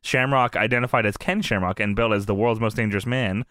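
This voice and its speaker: A man's voice: lowish voice, fairly even intonation, quick pace, dry recording. Young guy cohost, cursing constantly, dry close mic. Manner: profane, laughing, loud mocking impressions. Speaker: podcast co-host. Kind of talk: casual chat.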